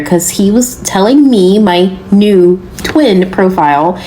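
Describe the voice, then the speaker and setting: A woman's voice: mid-range voice, takes it slowly, few pauses, mellow, a little hiss or hum, rough recording. A young woman with a Southern accent telling a story in a candid, self-mocking, wry way. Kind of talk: casual storytime to viewers.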